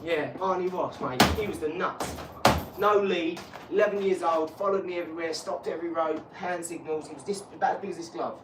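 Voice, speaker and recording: A man's voice: fairly high pitch, a little fast. Bloke in his 40s rambling on a live stream mid boxing workout, swears a lot, echoey room, mic a way off. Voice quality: animated, rambling, swears freely. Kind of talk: casual chat during a boxing workout. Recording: echoey room, distant mic, loud noise.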